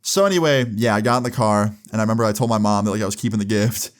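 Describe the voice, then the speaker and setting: A man's voice: on the low side, rapid-fire, clean tone. A young man telling a storytime vlog in a casual, profane way, with lots of filler words. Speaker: vlogger.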